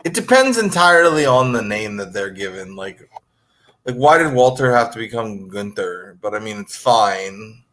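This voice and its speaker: A man co-hosting a podcast, chatting about wrestling in a relaxed, hedging way with lots of fillers. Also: lowish voice, normal speed. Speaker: podcast co-host. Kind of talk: casual wrestling chat.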